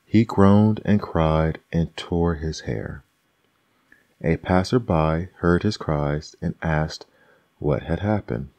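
A man reading fables aloud as an ASMR bedtime storyteller, soft and unhurried. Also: very deep voice, dry recording.

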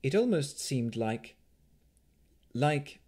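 A man's voice: medium pitch, big pitch swings, very slow, warm tone, pitched above the performer's own voice, exaggerated voice. A man voicing a troubled young woman. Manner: troubled, uncertain. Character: young woman, haunted by dreams.

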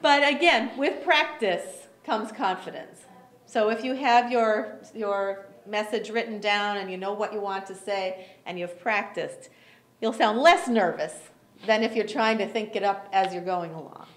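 Echoey woman teaching a class. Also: medium pitch. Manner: slow, clear, encouraging, laughs often. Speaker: English teacher for job seekers.

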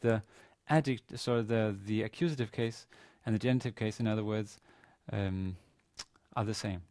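A man giving a university grammar lecture, pausing often with fillers and restarting his sentences. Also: lowish voice, darkish tone, no room sound, studio quality. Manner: hesitant, many fillers and restarts. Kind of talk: classroom lecture. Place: university classroom.

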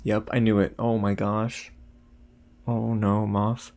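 Excitable young man, gravelly low voice. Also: slow pace. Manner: excitable, talks to viewers, frequent exclamations. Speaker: YouTube reaction host. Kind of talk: casual reaction commentary.

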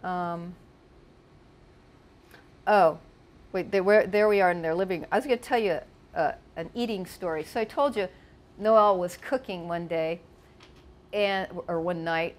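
A woman's voice: fairly low pitch, a little slow, pauses often. A woman casually reminiscing about her past while showing photos, chatty with many asides. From United States. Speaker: storyteller.

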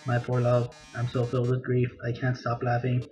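A man's voice: medium pitch, completely flat delivery, moderate pace, darkish tone, lightly acted. Brief: young man doing a theatrical robot diva, mock-tragic and over the top, game music under it. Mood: melodramatic. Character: melodramatic diva-like robot opera star, male.

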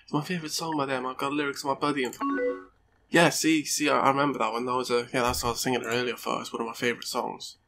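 A man talks over his gameplay in a casual, sweary way, often mocking himself and then saying he is only kidding. His voice has a gravelly fry under a bright, forceful tone. It sounds like a desk microphone with a faint hum of noise behind him. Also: medium pitch, little pitch movement, fast talker. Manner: sweary, joking, self-mocking. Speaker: gaming YouTuber. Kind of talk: let's play commentary.

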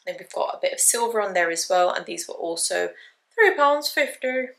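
A woman's voice: fairly low pitch, steady tone, quick pace, vocal fry, reverberant. A young woman, chatting upbeat to camera about a shopping haul, her voice jumping up whenever she says a price. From England. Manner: chatty, upbeat, voice jumps up when saying prices. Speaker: fashion haul vlogger. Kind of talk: casual haul chat to camera.

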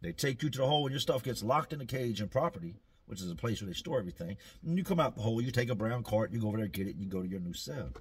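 A man's voice: medium pitch, expressive, rapid-fire, hardly any pauses, breathy edge. A man telling a story in a laid-back, slangy, dry way. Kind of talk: casual storytelling.

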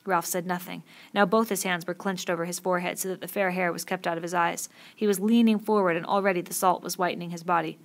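A woman reading a novel aloud with steady, expressive storytelling. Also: lowish voice, fast talker, creaky, few pauses. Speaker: audiobook reader.

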